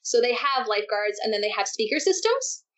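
A young woman guest on an interview, telling surf stories in a lively, animated way with frequent laughs. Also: fairly high pitch, brisk. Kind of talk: casual interview chat. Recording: dull lo-fi sound.

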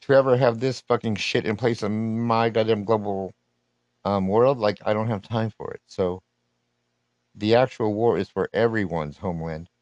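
A man's voice: lowish voice, moderate pace, a little mellow, no room sound, dull audio. Man in a profane, rambling rant. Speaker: solo podcaster. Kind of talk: unscripted live rant.

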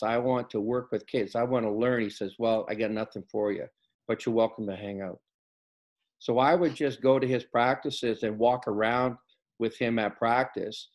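A man's voice: medium pitch, darkish tone. A man, a basketball coach, casually telling long stories in an interview and acting out the quoted back-and-forth.

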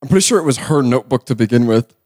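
A mid-pitched man chatting on a casual podcast. He teases his co-host and keeps breaking in with questions. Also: expressive, very fast, a little mellow. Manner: teasing, keeps interrupting with questions.

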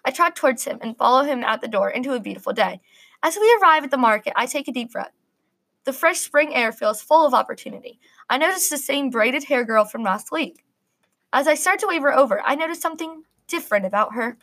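A woman narrating a first-person story in an earnest, expressive reading. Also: sits high, brisk.

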